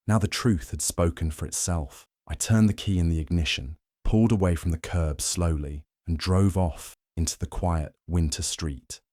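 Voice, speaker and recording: A man reading a scripted first-person story in an even, measured way. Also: low voice, no room sound, clean studio sound. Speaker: story narrator.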